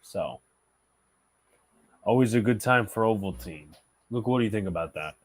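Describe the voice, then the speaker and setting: A man hosting a casual sports livestream, cracking jokes at his friends between play-by-play calls. His voice sits a little low. He sounds relaxed and jokey. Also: moderate pace. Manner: joking, relaxed. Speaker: host and play-by-play caller.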